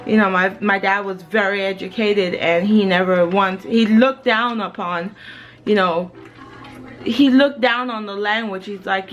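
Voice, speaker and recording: Woman, 30s, from Jamaica, family vlogger; rambling casual talk to camera at home, mid pitch. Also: steady tone, moderate pace, low-quality recording. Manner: chatty and rambling, many "you know"s. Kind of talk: casual vlog chat to camera.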